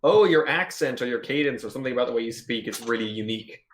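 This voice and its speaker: A man's voice: medium pitch, animated, quick pace, a little hiss or hum. A man chatting casually with friends, explaining things with eager enthusiasm. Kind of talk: casual chat among friends.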